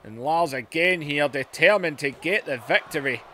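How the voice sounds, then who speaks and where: A man giving play-by-play wrestling commentary over a video game, excitable, dropping to low muttering and then shouting at the big moves. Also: moderate pace, a little hiss or hum. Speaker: gaming YouTuber.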